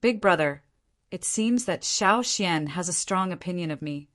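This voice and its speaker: A woman reading as a petty, scheming middle-aged uncle in an audiobook. He complains indignantly, in a fairly low register. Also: lively intonation, moderate pace, fairly bright tone.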